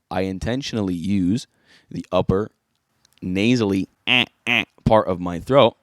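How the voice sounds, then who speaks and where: A man with a fairly low voice talks through a vocal lesson in a relaxed, casual way. The sound is dry and close, with no room echo. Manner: casual, easygoing instruction. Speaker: vocal coach. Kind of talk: singing tutorial.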